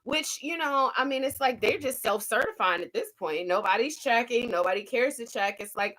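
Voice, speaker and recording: A woman hosting a casual TV recap vlog, telling the story in an animated, slangy way and laughing often. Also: on the high side, moderate pace, few pauses. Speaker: TV episode recap host.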